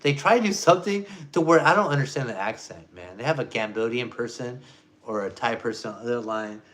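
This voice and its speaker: A man ranting to camera as a vlogger, profane and emphatic, swinging between loud jabs and low mutters. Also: expressive, brisk.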